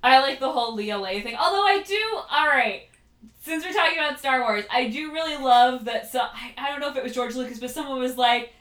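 A woman's voice: high-pitched, a bit bright, far from the mic. A woman co-hosting a podcast in casual chat, talkative and laughing often. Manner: chatty, laughs often, drawn-out quips. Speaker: podcast co-host. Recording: roomy, from off the mic.

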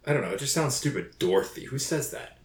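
A man's voice: mid-range voice, expressive, fast. A man guesting on a podcast, chatting casually with a wry, teasing manner. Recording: roomy echo.

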